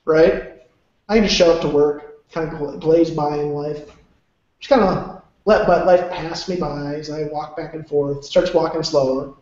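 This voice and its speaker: Unhurried and fairly even in intonation, this man's somewhat high, darkish voice delivers a rambling, emphatic motivational talk peppered with curses. The room sound is very echoey, dull, and lo-fi.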